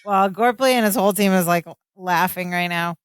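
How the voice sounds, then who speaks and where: A woman's voice: on the low side, brisk, smooth, no echo, clean studio sound. A woman co-hosting a podcast, casually retelling sitcom scenes and quoting the characters. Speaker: podcast co-host. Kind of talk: casual chat recapping a sitcom episode.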